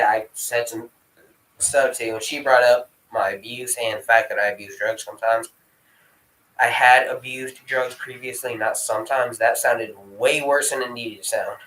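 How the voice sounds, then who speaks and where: A young man spins a loose, rambling story from his home, cursing often and stopping to scold his dog. His voice sits at a middle pitch. The room around him rings with a noticeable echo. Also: fairly bright tone, recorded from a distance. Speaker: vlogger. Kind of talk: casual storytelling. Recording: echoey room.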